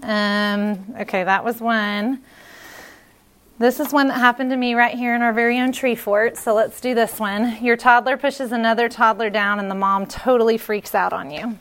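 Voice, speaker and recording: A woman's voice: fairly high pitch, fairly bright tone. A woman in her thirties giving a casual, earnest church talk on parenting, with many fillers and restarts.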